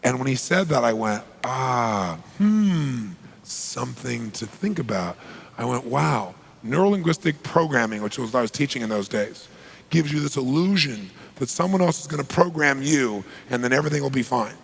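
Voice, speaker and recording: A man's voice: mid-range voice, a little fast, vocal fry, breathy edge, poor audio. A man giving a motivational talk, telling a story with emphatic, punchy delivery and acting out conversations. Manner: emphatic, punchy, acts out quoted exchanges. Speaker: motivational speaker.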